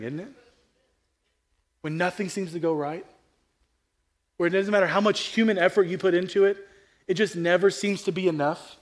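Male pastor, high voice, casual sermon delivery with big swings in volume and lots of restarts. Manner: conversational, swings from quiet asides to loud emphatic peaks; repeats and restarts phrases, asks the crowd questions.

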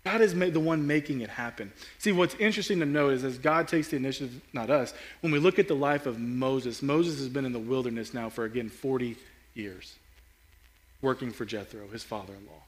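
A man's voice: mid-range voice, a little fast. A man preaching a sermon as pastor, earnest and rising in intensity, often repeating and restarting his words.

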